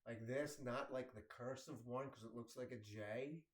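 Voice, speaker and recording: A man's voice: mid-range voice, normal speed. A man telling rambling personal stories in a casual way, often repeating words and laughing as he talks. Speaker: storyteller. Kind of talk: casual storytelling. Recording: roomy echo.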